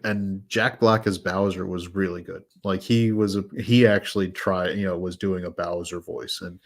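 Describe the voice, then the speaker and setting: Deep, flat-voiced man chatting casually. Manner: rambling, many fillers and restarts. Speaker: podcast host. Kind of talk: casual chat reviewing films.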